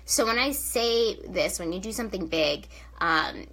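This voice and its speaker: A woman's voice: medium pitch, expressive, measured pace, fairly bright tone, low-quality recording. A young woman, a spiritual coach, talking casually to viewers on a live stream, with many fillers and "right?" tags.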